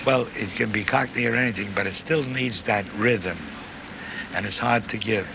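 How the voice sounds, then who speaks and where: An older male writer with a New York accent, chatting wryly in an interview and pausing often. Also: lowish voice, gravelly. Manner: chatty, wry, halting with fillers. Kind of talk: archive interview. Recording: noisy archive recording.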